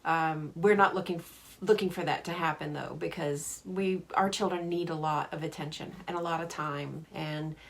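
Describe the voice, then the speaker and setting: A woman with a slightly low voice hosts a relaxed card-making demo, chatting as she works. She answers viewer comments warmly and laughs easily, often restarting her sentences. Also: moderate pace, creaky. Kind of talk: casual live craft demo.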